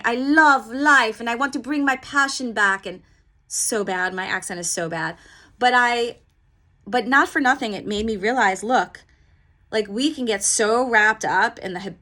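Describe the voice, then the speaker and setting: A woman who coaches leaders gives a casual motivational talk. She speaks in a chatty, enthusiastic way, with warm feeling and frequent fillers and restarts. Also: medium pitch.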